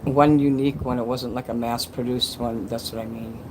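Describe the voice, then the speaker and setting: Man, livestreamer, casual rambling talk, crude jokes, mid pitch, faint background hiss. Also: steady tone, normal speed. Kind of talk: casual livestream chat reading donations.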